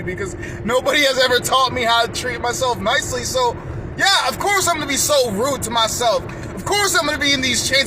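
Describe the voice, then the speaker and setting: Man, very high voice, raw ranting spoken word, far off the mic with loud outdoor noise. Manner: raw, ranting, breaks into crying shouts.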